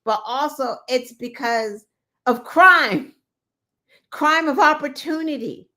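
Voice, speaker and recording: Woman host, opinionated commentary, unhurried delivery, a touch high, mock-quotes people. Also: sharp tone. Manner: opinionated, sarcastic, mimics people she talks about. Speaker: podcast host. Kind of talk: casual political commentary.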